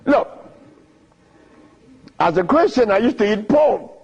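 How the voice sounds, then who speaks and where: An older man with a husky voice tells stories to an audience in an animated way, laughing often. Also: high-pitched, slow. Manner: animated, laughs often, sing-song emphasis. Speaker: speaker giving a talk. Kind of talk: storytelling lecture to an audience. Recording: dull lo-fi archive recording.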